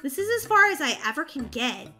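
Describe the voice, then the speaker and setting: A woman chats her way through a game in an excitable, bubbly way, easily exasperated when things go wrong. Her voice sits high and sounds sharply bright. Faint music plays underneath. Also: a little fast. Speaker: gaming channel host. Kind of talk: casual gameplay chat.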